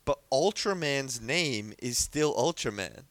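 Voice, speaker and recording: Lively, giggly man with animated pitch. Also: slow pace, dry recording. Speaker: podcast co-host. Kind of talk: casual comedic chat.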